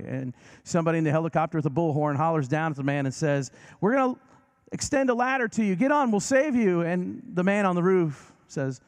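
A pastor gives a gentle, reassuring sermon, easing his pace on key lines. His voice is gravelly, in a middling register. He speaks directly to his congregation. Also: mid-range voice. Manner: gentle, reassuring, slows down for emphasis.

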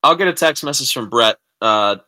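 A man's voice: medium pitch, expressive, moderate pace, pushed and bright. A man in a casual podcast chat who chimes in with teasing, playful remarks.

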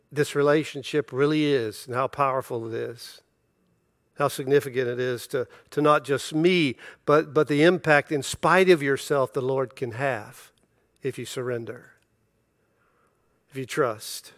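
A middle-aged man preaching a sermon, telling a self-deprecating personal story and acting out the dialogue with lively energy. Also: a little high, a little slow. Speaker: pastor.

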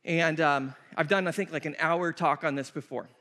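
A man's voice: fairly high pitch, steady tone, normal speed, pushed and bright. A man preaching a conversational sermon, answering questions from the pulpit with emphatic, repeated phrases. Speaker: pastor. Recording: long reverb of a hall.

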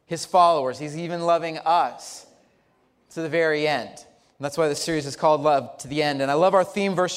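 High-voiced pastor preaching in a church. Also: male voice. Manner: lively, chatty storytelling with humor. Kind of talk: sermon. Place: church sanctuary. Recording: long church reverb.

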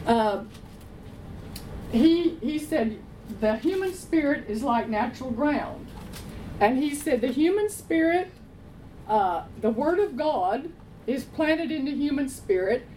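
A woman's voice: high-pitched, dark tone, slight background noise, rough recording. A woman preaching a sermon, emphatic, repeating her phrases and answering her own questions.

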